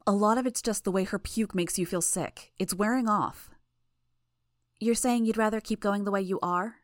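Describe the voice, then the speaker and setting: A woman voicing a sly young female villain who talks quickly and teasingly in a dry recording. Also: mid-range voice, dry recording, voice pushed up, lightly acted. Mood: pressing.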